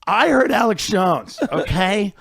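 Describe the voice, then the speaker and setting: High-voiced man ranting comedic stories. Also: measured pace, gravelly, husky, dry recording, clean studio sound. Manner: animated, emphatic ranting with profanity. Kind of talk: podcast comedic storytelling.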